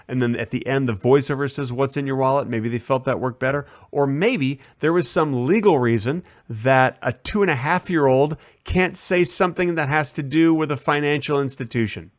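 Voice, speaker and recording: On a casual stream, a male host with a medium-pitched voice chats about a shoot, storytelling in a meandering way and performing the lines he quotes. It's a dry, studio-quality recording.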